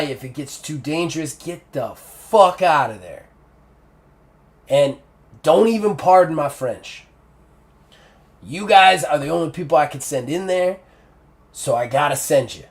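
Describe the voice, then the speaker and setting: A man voicing a gruff, weary male commander giving blunt, urgent orders in a live-play tabletop game. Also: a little high, expressive, measured pace, long pauses.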